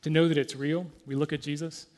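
A man pastor giving a conversational sermon, with fillers, and clearing his throat often. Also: fairly high pitch, flat delivery, fairly quick, a little mellow, in a large hall.

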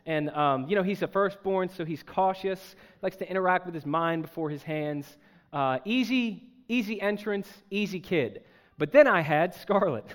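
A young man with a fairly high voice preaches to a church congregation. He tells a personal story in a lively, joking, self-deprecating way and keeps the delivery animated. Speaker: pastor. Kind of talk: sermon storytelling. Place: church service.

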